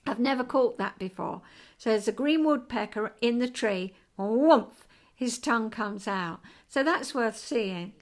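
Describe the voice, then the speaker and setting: An older woman hosting a casual home vlog, chatty and rambling and quick to get excited. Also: a little high. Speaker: vlog host.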